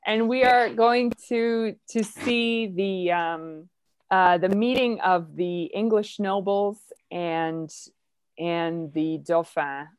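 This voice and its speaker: A woman hosting a casual chat about Shakespeare, chatty and quick to laugh. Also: mid-range voice, a little hiss or hum. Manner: chatty, laughs often, many fillers. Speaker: podcast host.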